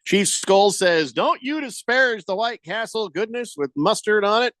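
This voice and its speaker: A man hosting sports talk radio, his voice sitting a bit higher than most men's. He jokes wryly and tells stories between listener messages. The studio sound is dry and close. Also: expressive, moderate pace, fairly bright tone, no echo. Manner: wry, joking storyteller, reads listener messages.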